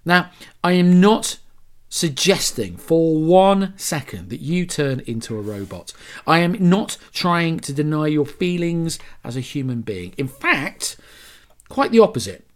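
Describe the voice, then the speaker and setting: A man's voice: on the high side, sing-song, a little slow. A man hosting a solo podcast, talking in a chatty, emphatic way with asides and self-corrections. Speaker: podcast host. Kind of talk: solo podcast talk on branding.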